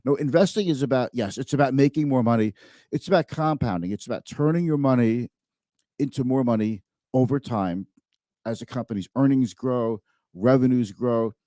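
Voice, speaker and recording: A man's voice: mid-range voice, moderate pace, mellow, dry recording. Man, finance show host, live stream talk, dry close mic, conversational, emphatic. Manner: conversational, emphatic, repeats words.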